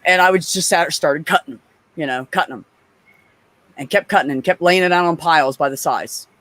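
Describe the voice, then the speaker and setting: A woman telling profane, animated stories in a casual chat as a guest. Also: deep voice, brisk.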